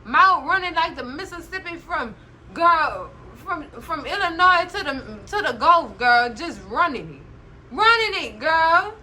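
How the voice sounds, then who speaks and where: A woman hosting a casual TV recap, chatty and animated, often laughing and calling the viewer "girl". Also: extremely high pitch, a little slow, slight background noise, rough recording. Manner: laughs often while talking. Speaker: TV recap host.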